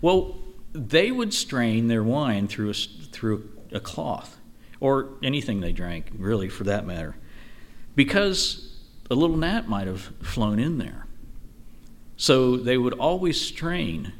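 Male Bible teacher, casual study-group delivery, animated pitch, chatty asides between readings. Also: slow. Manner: conversational, lively, with frequent "you know" asides.

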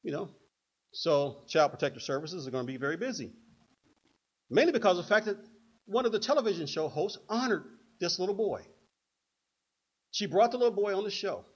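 Older guy preaching, husky voice, swings up and down a lot, dull lo-fi sound. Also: high voice, brisk, long pauses. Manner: animated, acts out quotes in put-on voices. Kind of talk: sermon. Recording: dull lo-fi recording.

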